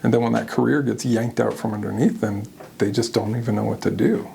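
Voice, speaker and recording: Man, very gravelly voice, candid interview guest, animated storytelling, faint background noise. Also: fairly low pitch. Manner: candid, animated, quick to laugh at himself. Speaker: guest sharing his career story.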